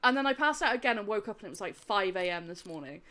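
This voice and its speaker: Lively, laughing Somerset woman streamer. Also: medium pitch, fast talker. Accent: Somerset English. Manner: chatty, laughs often mid-sentence. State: exhausted after a long day. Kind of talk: casual gaming stream chat.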